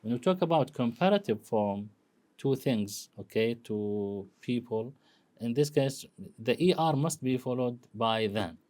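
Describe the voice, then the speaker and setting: A male university lecturer explains English grammar in a halting way, full of fillers and restarts. His voice is mellow and warm, pitched in the middle for a man. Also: lively intonation.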